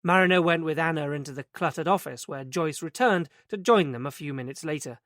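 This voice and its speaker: A man narrating a mystery audiobook in an even, steady reading voice. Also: fairly high pitch, a little fast, few pauses, no echo, clean studio sound. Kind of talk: scripted narration.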